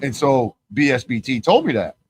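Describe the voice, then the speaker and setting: A man's voice: medium pitch, big pitch swings, normal speed, a little hiss or hum. A man hosting a podcast, telling long, heated stories full of swearing and restarts. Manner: profane, heated, rambling storytelling. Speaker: podcast host. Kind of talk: casual conversation.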